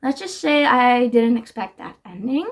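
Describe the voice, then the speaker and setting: Young woman vlogging about books, slow and gravelly, kinda high voice, gets giggly and gushy. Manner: gushing, animated, giggly. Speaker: book vlogger. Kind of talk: casual reading vlog.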